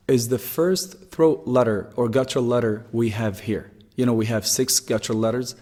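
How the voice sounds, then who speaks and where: A man teaches pronunciation, slowly and patiently repeating each sound so learners can copy it. His voice sits at an ordinary middle pitch. The recording has a long, hall-like echo. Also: a little mellow. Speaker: Quran teacher. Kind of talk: pronunciation lesson.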